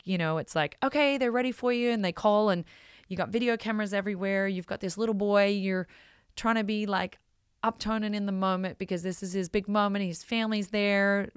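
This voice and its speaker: A woman telling a personal story in a casual, chatty monologue, expressive and full of fillers like "you know". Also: lowish voice, smooth, no room sound, studio quality.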